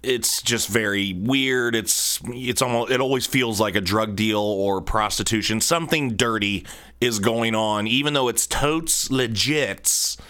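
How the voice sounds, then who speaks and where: A man's voice: on the low side, measured pace, sharp tone. Chatty man hosting a home podcast. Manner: chatty, jokey, rambling asides. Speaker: podcast host. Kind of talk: casual solo podcast monologue. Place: home studio office with sound panels. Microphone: studio microphone on a stand.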